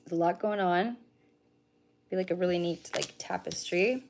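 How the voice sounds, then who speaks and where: Woman, middle-aged, casual livestream card reader, chatty, swears casually, low-ish voice. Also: moderate pace, gravelly, darkish tone. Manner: chatty, swears casually, talks straight to viewers.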